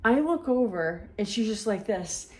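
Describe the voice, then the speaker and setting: A woman, telling funny personal stories in an animated, chatty, self-mocking way. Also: medium pitch, measured pace. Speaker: storyteller. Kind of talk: casual storytelling.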